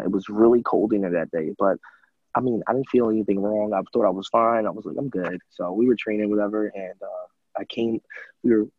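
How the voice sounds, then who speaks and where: A young man with a low, husky, mellow voice tells his story as an interview guest, loose and chatty and full of filler words. He acts out what other people said as he goes. The audio sounds dry and a bit dull. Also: no room sound. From USA. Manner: animated storyteller, many fillers, acts out quotes. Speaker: guest, former college football player.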